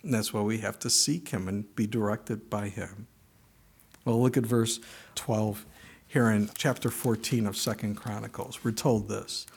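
A man's voice: fairly low pitch, steady tone, measured pace, gravelly, slightly rough. A middle-aged man preaching a sermon in a conversational way, now and then acting out the voices he quotes. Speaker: pastor.

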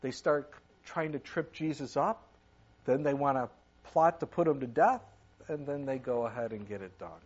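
An older man preaching a sermon as a pastor, reading scripture aloud and swinging between loud emphasis and quiet asides. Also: mid-range voice, normal speed, lo-fi sound. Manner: preaches with sudden rises and drops in loudness, reads scripture aloud.

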